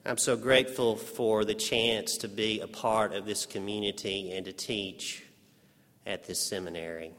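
Slow Texas-accented preacher in a church. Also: male voice, lowish voice, steady tone, a bit bright, in a large hall. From Texas Panhandle. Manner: slow, measured, rising to dramatic emphasis. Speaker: seminary teacher preaching. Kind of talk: sermon with opening prayer. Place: large church sanctuary.

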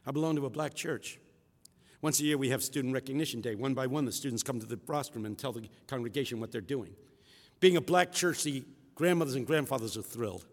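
A man preaching a sermon with call-and-response rhythm, swinging from shouts to hushed tones in a large hall. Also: mid-range voice, fast talker. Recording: echoey hall reverb.

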